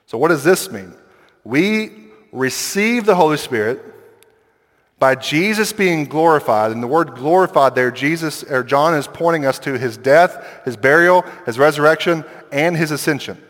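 A man preaching in a loose, conversational way, tossing in quick asides and playing out little quotes. His voice sits a touch high, and a long hall reverb trails behind every phrase. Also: expressive, a bit bright. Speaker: pastor. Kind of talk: sermon.

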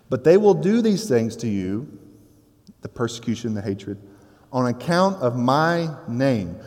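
A man preaching a sermon in a conversational, animated way, with casual asides to his listeners. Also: fairly high pitch, long reverb tail. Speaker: pastor.

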